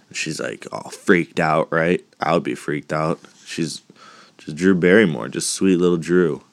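A man's voice: a bass voice, moderate pace, no room sound. A man hosting a podcast, chatting casually in a rambling, profane way. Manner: rambling, profane, laughing asides. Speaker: podcast host. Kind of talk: casual movie recap podcast.

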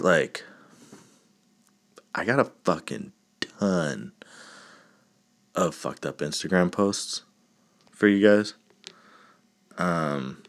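A man hosting a solo podcast, talking casually with crude jokes and frequent laughs. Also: low voice. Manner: crude, joking, laughs often. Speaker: podcast host.

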